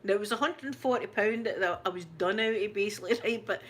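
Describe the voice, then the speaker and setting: A middle-aged Scottish woman hosting her channel, chatting through a story in a lively, indignant way. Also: mid-range voice, fast talker, hardly any pauses. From Scotland. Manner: animated, indignant retelling full of "I says". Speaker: channel host. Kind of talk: casual storytelling chat.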